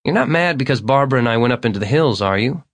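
A man's voice: medium pitch, animated, rapid-fire, no echo, voice pushed up, lightly acted. A man voicing an eager, talkative young man whose lines come out raised and insistent. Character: eager chatty young man, upbeat and earnest.

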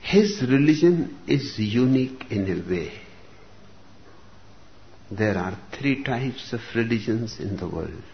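A man giving a slow, reflective spiritual discourse, speaking deliberately with long pauses between phrases. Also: mid-range voice, expressive, vocal fry. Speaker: spiritual teacher. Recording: dull lo-fi recording with faint room noise.

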